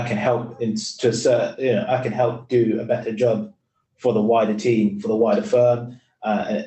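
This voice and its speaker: A man's voice: mid-range voice, dark tone. A man, speaking on a careers panel in an earnest, rambling way full of restarts, heard over a video call. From East London, England. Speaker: finance employee, panel speaker. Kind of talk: casual panel talk. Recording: roomy, distant sound.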